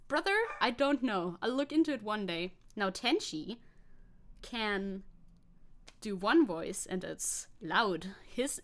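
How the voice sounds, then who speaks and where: A woman with a mid-range, fairly bright voice chats casually on a live stream as a VTuber streamer. She rambles in a scatterbrained way, often laughing between thoughts.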